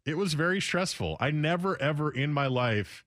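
A man's voice: fairly high pitch, expressive, normal speed, a bit bright, no echo, clean studio sound. A young man chatting casually as a radio show host, rambling with restarts. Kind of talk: casual chat.

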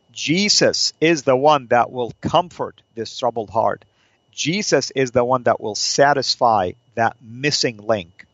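A man hosting a Christian teaching show, explaining Bible passages in an earnest, preacherly way, asking rhetorical questions and slowing down to stress key phrases. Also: mid-range voice, fairly bright tone, no room sound, highs cut off.

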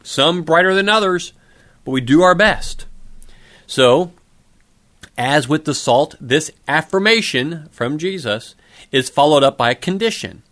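A man's voice: on the high side, animated, a little slow, fairly bright tone. A middle-aged man preaching a sermon in a conversational way, asking rhetorical questions.

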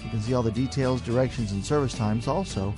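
A male radio announcer reads a scripted outro at a mid pitch in a smooth promotional manner. A clear guitar music bed plays behind him. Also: quick pace.

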